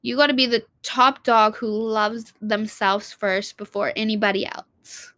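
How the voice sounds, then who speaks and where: A woman's voice: on the high side, steady tone, measured pace, pushed and bright. A young woman vlogging in a casual, heartfelt monologue, rambling and restarting her sentences and swearing casually.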